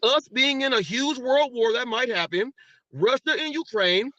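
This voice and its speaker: A man's voice: extremely high pitch, measured pace, pushed and bright, no room sound. An American man hosting a live podcast, arguing heatedly with a guest, repeating himself and taunting him. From United States. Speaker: podcast host. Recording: dull lo-fi stream audio.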